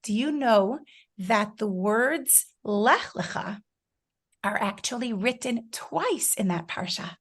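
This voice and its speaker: A woman's voice: on the high side, lively intonation, slow pace. A woman in her forties telling a personal story to an online group, acting out her own past words. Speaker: guest speaker. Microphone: video call.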